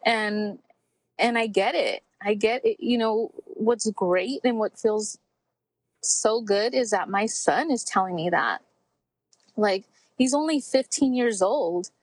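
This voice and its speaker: A woman in her forties speaking candidly as an interview guest, heartfelt and reflective, pausing often with fillers. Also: medium pitch, no echo, low-quality recording. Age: 40s. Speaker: podcast guest.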